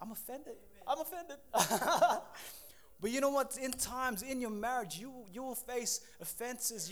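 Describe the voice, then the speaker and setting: High-voiced man preaching a lively sermon. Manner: animated, acts out quick voices, laughs at himself. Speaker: pastor.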